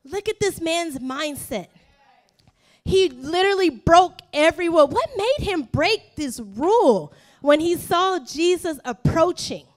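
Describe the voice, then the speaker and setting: A woman pastor preaching a sermon, animated and humorous, repeating phrases for emphasis and acting out voices of people in the story. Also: extremely high pitch, measured pace.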